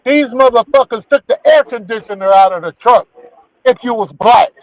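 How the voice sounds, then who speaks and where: A man's voice: extremely high pitch, moderate pace, low-quality recording. A man trading brash, profane, ranting banter as a regular on a morning talk show. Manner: brash and ranting, heavy swearing.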